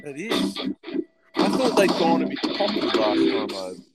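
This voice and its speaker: A man's voice: on the high side, big pitch swings, takes it slowly, over loud music. A man with an Australian accent, co-hosting a casual podcast chat, laid-back and swearing freely. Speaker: podcast co-host.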